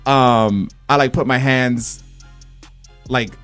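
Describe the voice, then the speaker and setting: A man's voice: medium pitch, fairly even intonation, slow, fairly bright tone, clear, resonant tone. Young adult man, radio host, casual storytelling, earnest, faint music underneath. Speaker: radio show host and comedian. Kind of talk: casual radio show chat.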